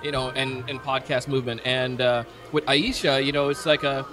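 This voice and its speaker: A man speaking as a guest in casual conversation, quick and loose with fillers. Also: mid-range voice, level tone, music in the background.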